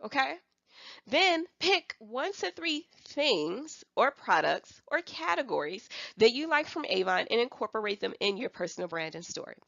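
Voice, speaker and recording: Chatty woman with a gravelly edge. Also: fairly high pitch, moderate pace, no echo, muffled recording. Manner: chatty and animated, often laughs, asks viewers "right?" and "okay?"; slips into playful quoted voices of other people. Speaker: Avon sales representative teaching online selling. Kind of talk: casual coaching talk to viewers.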